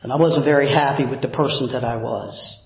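A male pastor preaching a sermon in a church, emphatic, dropping low and soft for prayers. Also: fairly even intonation, a little fast, vocal fry. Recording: very echoey, dull church recording.

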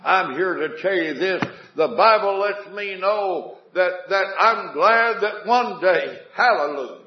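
A man's voice: high-pitched, roomy sound, highs cut off. A man preaching a revival sermon in a folksy way, asking the congregation questions and telling homespun jokes.

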